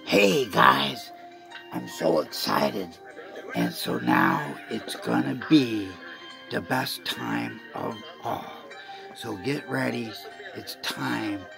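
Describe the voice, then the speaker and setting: A man's voice: mid-range voice, animated, extremely slow, vocal fry, music in the background. A man rambling through a playful homemade video sermon, slipping into pirate talk. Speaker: video preacher.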